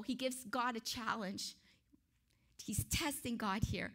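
A woman teaching a Bible study, excitable and emphatic, asking the listeners rhetorical questions. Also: a little high, slow pace.

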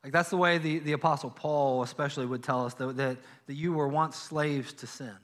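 A male pastor preaching a sermon in a church, telling a Bible story in a lively way and acting out the characters' lines. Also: mid-range voice, brisk. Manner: animated storytelling, acts out biblical dialogue. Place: church sanctuary.

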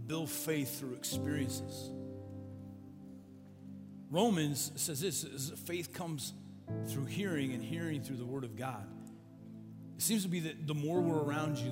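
A man pastor preaches and prays in an earnest voice, stacking his lines into emphatic repetition. His voice carries a long reverb through a large church. Instrumental music plays clearly beneath him. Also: on the high side. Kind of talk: sermon and prayer.

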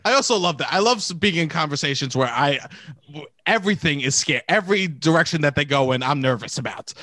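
Lively high-voiced New York man. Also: fast talker, no room sound. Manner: animated, laughing storyteller who talks in bursts. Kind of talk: casual chat.

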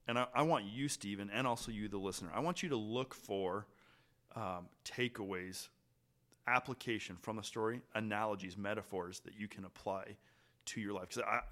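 Man telling a story, slightly low voice. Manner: animated, trailing pauses and restarts. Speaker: podcast host. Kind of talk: casual storytelling chat.

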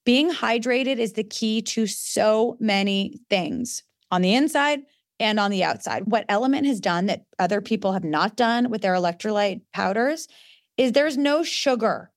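A woman's voice: mid-range voice, expressive, normal speed, dry recording. Woman, podcast co-host, earnest chatty ad read, dry close sound.

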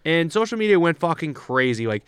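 A man's voice: on the high side, very animated, fairly bright tone, clean tone, no room sound. A young man co-hosting a casual sports podcast, talking loosely and swearing often. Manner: loose and profane, quick asides. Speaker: podcast co-host. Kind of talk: casual hockey chat.

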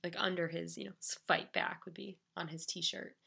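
Bright-voiced woman recapping a show. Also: on the low side, a little fast, creaky, slightly rough. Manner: animated, narrates scenes, laughs often. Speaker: podcast co-host. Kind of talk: casual TV recap chat.

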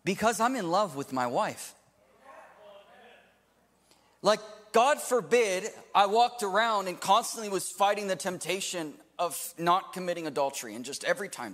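A man in his thirties preaching a sermon to a live congregation, swinging from loud to hushed. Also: high-pitched, moderate pace, big-room sound. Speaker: pastor. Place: church hall with live audience.

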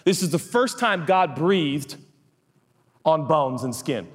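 A man's voice: fairly high pitch, expressive, slow pace. A man preaching a sermon, telling the story with playful asides and acting out the people in it. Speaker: pastor. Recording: hall reverb.

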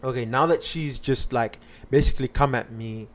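A man's voice: medium pitch, moderate pace. A man on a podcast casually telling a personal story, rambling with lots of fillers and restarts.

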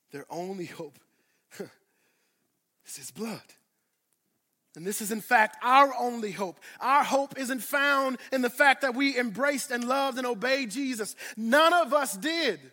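A man preaching a sermon, swinging from loud declarations to hushed asides and repeating phrases for emphasis. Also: very high voice, long reverb tail. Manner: addresses congregation directly, repeats phrases for emphasis. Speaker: pastor.

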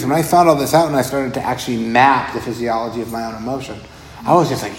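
A man's voice: medium pitch, steady tone, fast talker. Man giving a casual dharma talk. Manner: conversational, repeats words, chuckles often. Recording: roomy echo, faint background noise.

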